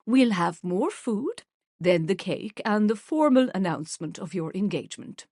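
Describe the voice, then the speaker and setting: A woman's voice: medium pitch, very animated, normal speed, no echo, clean studio sound. A woman voicing an elderly grandmother hosting a party, proud, gracious and effusive in her speech, in an audiobook. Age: older. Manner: warm, effusive hostess speech.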